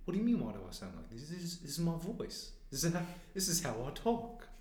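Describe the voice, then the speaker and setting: A man's voice: on the high side, huge pitch swings, quick pace, a little mellow, reverberant, slight background noise. A man playing a buff alternate-universe guy. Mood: defensive. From Canada.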